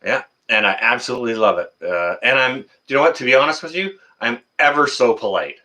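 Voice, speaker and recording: A man's voice: mid-range voice, lively intonation, brisk, sharp tone. A middle-aged man, hosting a casual live stream, reading the chat and answering viewers by name in a folksy, teasing way.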